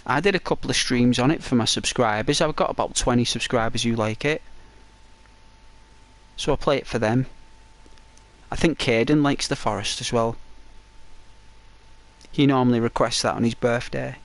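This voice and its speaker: A man chatting casually during a break in his game stream, his throat dry and croaky, rambling and peppering his talk with "like". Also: mid-range voice, moderate pace, pauses often. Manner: rambling, full of "like".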